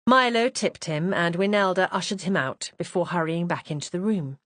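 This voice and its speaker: A woman narrating a first-person audiobook mystery in a composed, expressive manner. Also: on the low side, moderate pace, no room sound.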